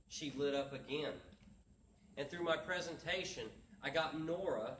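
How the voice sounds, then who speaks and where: A man's voice: mid-range voice, normal speed, fairly bright tone, slight background noise. A man giving a motivational talk, telling a story earnestly and acting out the voices of the people in it. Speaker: motivational speaker. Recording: echoey room from far off.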